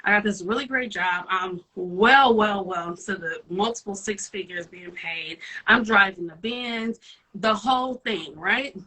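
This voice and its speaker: A woman in her thirties, a guest in a casual chat, telling a confessional story in a lively way. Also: mid-range voice, a little slow, rough recording.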